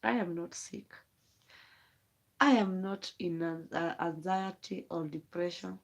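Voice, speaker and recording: A woman's voice: lowish voice, slow, creaky. A rambling woman. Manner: rambling, emotional, wandering thoughts. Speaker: vlogger. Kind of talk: late-night live stream monologue.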